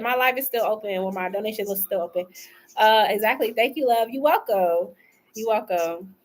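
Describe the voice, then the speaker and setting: Chatty woman tarot reader on a live stream. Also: on the high side. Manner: chatty, colloquial, talks to chat as "y'all" and "love". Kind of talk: casual live-stream chat. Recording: faint background noise.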